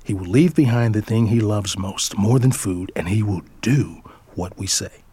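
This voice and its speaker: Reflective low-voiced male storyteller. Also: moderate pace, mellow, breathy edge. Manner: reflective and tender, drops to a whisper at times. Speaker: father and storyteller. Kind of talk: scripted first-person storytelling. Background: background music.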